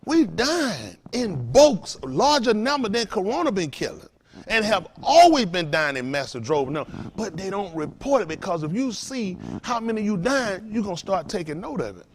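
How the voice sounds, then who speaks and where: A male pastor preaching to his congregation with call-and-response, firing rhetorical questions and swinging between loud emphasis and hushed lines. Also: high-pitched, very animated, moderate pace, slight background noise.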